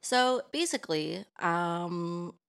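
Female podcast co-host, slightly low voice, chatty, casual explainer. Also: lively intonation, slow, gravelly, a bit bright, clear, resonant tone. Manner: chatty, self-deprecating, playful asides.

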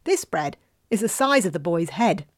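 A woman telling a folk tale in a lively, expressive way, dropping at times into a whisper. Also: lowish voice, normal speed. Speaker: storyteller.

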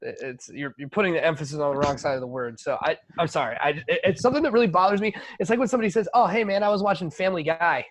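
A man's voice: fairly high pitch, racing, hardly any pauses, a little hiss or hum. A man co-hosting a casual podcast, brash and profane, going off on rants. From USA. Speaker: podcast co-host. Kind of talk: casual chat.

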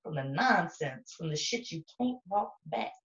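A woman co-hosting a podcast in casual chat, profane and animated, often breaking into laughter. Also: on the low side, measured pace, gravelly. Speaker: podcast co-host. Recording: roomy, distant, dull sound.

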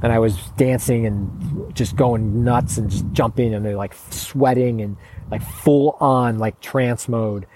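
A man's voice: mid-range voice, fairly even intonation, takes it slowly, noisy background. A man coaching in a motivational monologue, blunt and profane, pressing his points with urgent, pleading emphasis. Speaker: men's coach.

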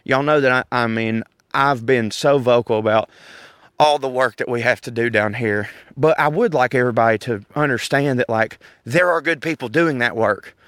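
A man's voice: medium pitch, moderate pace, clean tone, no room sound, clean studio sound. A middle-aged man with a Southern US accent, ranting casually and profanely outdoors in a park as a podcast host. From Southern United States. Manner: profane, animated, rambling. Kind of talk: casual rant.

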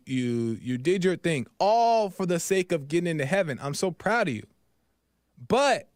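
A man voicing a calm male angel who hands down a verdict in a measured, gentle way while telling a parable. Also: fairly high pitch, smooth, dry recording, studio quality.

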